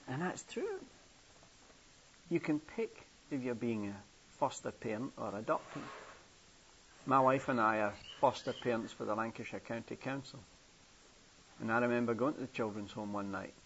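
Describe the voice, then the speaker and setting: A man's voice: animated, normal speed, pauses often, a bit bright. An older man from England preaching a storytelling sermon, acting out characters' voices inside his stories. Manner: acts out children's voices in a high pitch within stories. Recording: muffled, hissy old tape.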